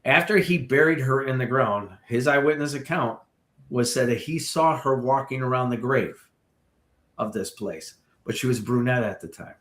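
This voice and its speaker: Man, tour guide spinning a ghost tale, animated with asides, middle pitch, echoey room. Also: normal speed. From Chicago area. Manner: animated storyteller with many asides. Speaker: paranormal tour guide, guest. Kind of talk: ghost-story telling on a podcast.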